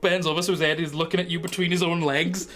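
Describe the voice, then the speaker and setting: A man's voice: on the high side, little pitch movement, fast, a bit bright, faint music behind. A British man narrating as game master, laughing and rambling through descriptions.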